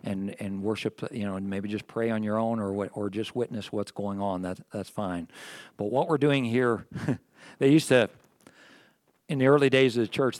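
A male pastor giving a sermon in a church, talking in a plain conversational way with many restarts. He gets loud and high when he stresses a point and goes quiet when he reflects. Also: normal speed, no echo, clean studio sound. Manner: earnest, conversational preaching with frequent restarts. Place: church sanctuary.

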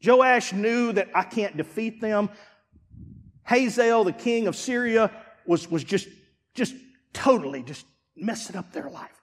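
A high-pitched man preaching from the pulpit. He moves from near-whispers to shouted peaks, with drama in every turn. His voice rings out with the long reverb of a large hall. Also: a little slow. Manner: dramatic, swings from hushed to shouting. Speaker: pastor. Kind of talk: sermon.

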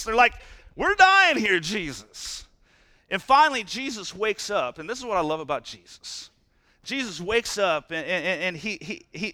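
A man pastor preaching a sermon to his church, animated and playful, swinging from loud bursts to hushed asides. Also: high-pitched, dry recording.

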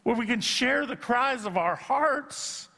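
A middle-aged man preaching a sermon as pastor, joking about himself and rising to shouts at the high points. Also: animated, slow pace, creaky. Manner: self-deprecating, swells to shouting at peaks. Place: church sanctuary. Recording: long reverb in a church hall.

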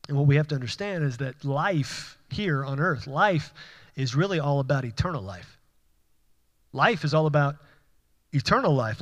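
Preaching man in a reverberant hall. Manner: preaching, building to emphatic peaks then dropping low; conversational, with asides and light laughs. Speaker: pastor. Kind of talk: sermon.

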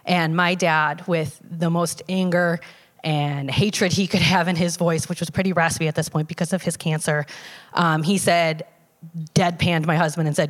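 Woman, lowish voice, conversational personal testimony, halting with fillers; long hall reverb on the recording. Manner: conversational with many fillers and restarts. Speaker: storyteller sharing a personal testimony. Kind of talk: casual spoken personal story.

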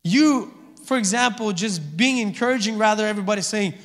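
Male pastor, high voice, chatty sermon style, echoey church hall. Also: brisk. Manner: conversational preaching with frequent "amen?" and "okay?" checks. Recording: reverberant hall.

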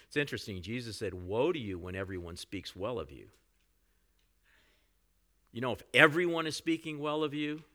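A pastor preaching a sermon in a conversational way, with frequent asides to the congregation. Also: male voice, fairly low pitch, pushed and bright.

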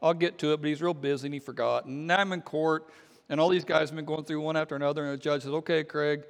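A man preaching as pastor, his voice somewhat high and gravelly with fry. He talks casually and haltingly, full of fillers and restarts. The sound rings with the long reverb of a church hall. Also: fairly even intonation. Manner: acts out quoted voices in a story. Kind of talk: sermon with storytelling.

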